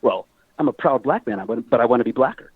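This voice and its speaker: Casual male podcast guest with animated, profane storytelling; dry, phone-thin audio. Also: mid-range voice, fast talker, breathy edge, dry recording. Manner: animated, swearing, acts out shouted quotes. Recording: dry, tinny phone-like sound.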